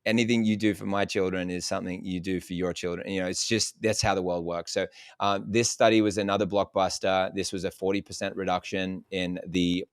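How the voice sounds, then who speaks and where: A man talking as an interview guest, excited and emphatic, often restarting his sentences. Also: sits low, a little fast, few pauses, clean tone, no echo, clean studio sound. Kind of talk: enthusiastic interview talk.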